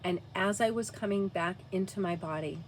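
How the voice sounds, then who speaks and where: A woman telling a personal story to camera, earnest and halting, dropping to a hushed near-whisper at times. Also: medium pitch, slight background noise. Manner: earnest, frequent "like" fillers.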